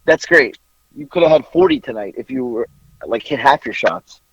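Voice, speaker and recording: A man in middle age tells stories in casual podcast chat, his voice husky and a little breathy. He throws himself into quoted arguments and swears freely. The sound is dry and somewhat dull, like a lo-fi mic. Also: mid-range voice, expressive, normal speed, dry recording. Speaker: podcast co-host.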